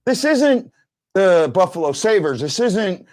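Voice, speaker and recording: A man's voice: sits high, big pitch swings, slow pace, a little mellow. A man hosting a sports fan show, telling stories in a rambling casual way with many restarts. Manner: rambling storyteller, restarts often.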